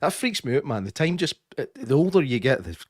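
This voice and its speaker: Lively, joking man. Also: medium pitch, brisk, husky, no echo, studio quality. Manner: joking, swears freely. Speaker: podcast co-host. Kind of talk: casual chat.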